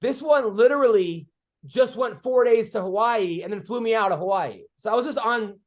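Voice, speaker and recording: A middle-aged man hosting a podcast, telling comedy-road stories in casual chat, animated, swearing freely and acting out what people said. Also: sits high, normal speed. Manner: animated storyteller, swears freely, acts out quotes.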